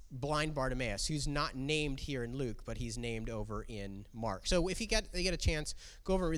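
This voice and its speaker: A man's voice: medium pitch, fairly bright tone. A man preaching a sermon as pastor, talking conversationally and asking the congregation questions. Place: church. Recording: long reverb of a church hall.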